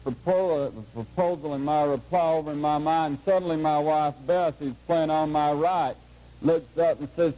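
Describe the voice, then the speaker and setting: A middle-aged man gives a lecture to a class, telling a humorous story in a dry, unhurried, folksy way. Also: a little high, dark tone, a little hiss or hum, low-quality recording. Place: lecture hall before a live audience.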